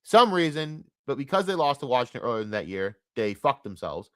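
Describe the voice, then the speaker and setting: Heated, animated man ranting about football. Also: a little fast, no room sound, studio quality. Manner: heated, profane, animated, swings between loud outbursts and low mutters. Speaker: podcast host. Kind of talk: profane sports rant.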